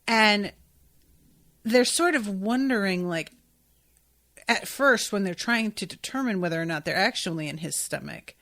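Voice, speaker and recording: A woman's voice: mid-range voice, expressive, unhurried, pauses often, fairly bright tone. A woman hosting a podcast, casually recapping an anime episode in a chatty, profane way. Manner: chatty and profane, with laughs and asides. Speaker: podcast host.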